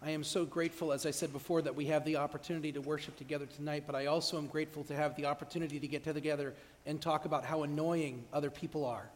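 Male pastor, high-pitched, casual storytelling sermon; long church reverb. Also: flat delivery, fast, hardly any pauses. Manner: conversational, acts out quoted dialogue. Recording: echoey church hall.

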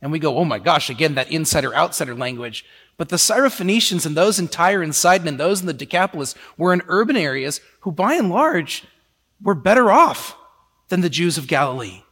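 A man preaching a sermon in a lively, conversational way, often slipping into quoted voices. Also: a little high, brisk, big-room sound.

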